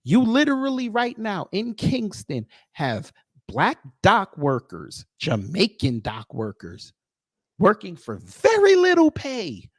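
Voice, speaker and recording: A man's voice: high-pitched, no room sound, studio quality. A man delivering a heated, combative commentary rant, sarcastic and taunting. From United States. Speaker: commentary host.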